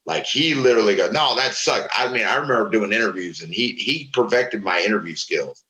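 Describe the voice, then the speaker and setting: Guest: ex-wrestler, man from Florida, lowish voice, cussing raconteur, echoey room. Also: fairly quick. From Florida, USA. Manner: profane, rambling, animated retelling of old stories. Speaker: retired pro wrestler, guest. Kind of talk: casual storytelling interview.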